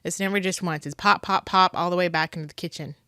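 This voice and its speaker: A woman speaks in casual, earnest commentary, pushing back on what she hears with a critical edge. Her voice sits a little low, and the recording is dry and close with no room sound. She often stops mid-phrase and starts over. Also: fairly even intonation, quick pace, sharp tone, no room sound. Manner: earnest, critical, frequent restarts. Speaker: commentator reacting to dog-training clips.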